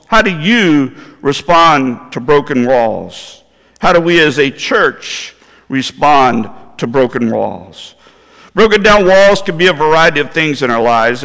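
A man's voice: a little high, a bit bright. A male pastor preaching a sermon in a church, in a conversational manner that puts questions to the congregation. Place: church sanctuary. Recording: long hall reverb in a church.

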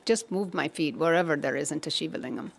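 Brief: a woman playing an ancient holy man, frail and serene, slow and soft-spoken. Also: low voice, creaky.

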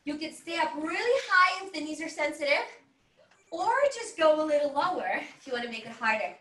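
During an online exercise class, a woman coaches and cheers while working out, her high, expressive voice brisk and a bit bright. She's a little out of breath, keeping the mood upbeat with whoops. A laptop mic on the video call, placed at a distance, makes everything sound roomy.

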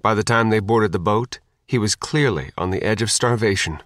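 A man reading an audiobook in a measured, even style. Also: lowish voice, no room sound, clean studio sound. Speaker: audiobook narrator. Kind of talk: scripted audiobook narration.

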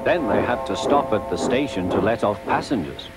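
Lively male storyteller over loud music. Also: mid-range voice, moderate pace, few pauses, rough recording. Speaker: narrator. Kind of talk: storybook reading.

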